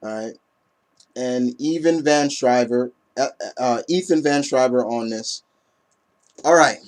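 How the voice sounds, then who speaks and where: A man giving a casual comic book review in an excitable, profane, ranting way. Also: medium pitch, unhurried. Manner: excitable, swearing, animated rants.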